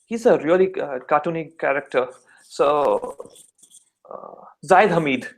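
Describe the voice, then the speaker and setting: A young man from India speaks with an Indian accent and a voice a touch higher than most men's. He talks casually and animatedly in a relaxed discussion, now and then putting on voices to act out a point. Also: measured pace, creaky. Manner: animated, does mock voices to make points. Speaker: discussion participant. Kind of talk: casual chat.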